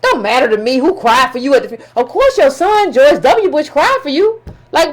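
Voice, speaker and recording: A woman's voice: high-pitched, wildly swooping pitch, unhurried, long pauses. A woman giving impassioned political commentary, emphatic and scolding, with colloquial phrasing and repetition.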